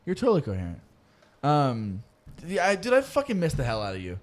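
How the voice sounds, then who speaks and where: A young male podcast host with a slightly raised pitch. He tells rambling, lively stories between friends and swears freely. It is a relaxed, casual chat. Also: brisk.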